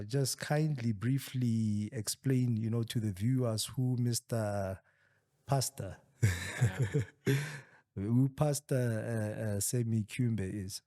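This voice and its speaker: A man's voice: mid-range voice, dark tone. A man hosting a podcast interview, talking casually with frequent hesitant fillers. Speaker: podcast host.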